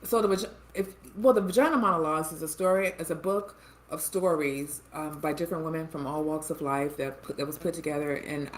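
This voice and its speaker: A woman actress, a guest on an interview show, telling stories in a lively way and acting out what people said. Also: sits low, fairly quick, slight background noise, rough recording. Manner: animated storyteller, acts out quotes. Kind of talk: casual interview chat.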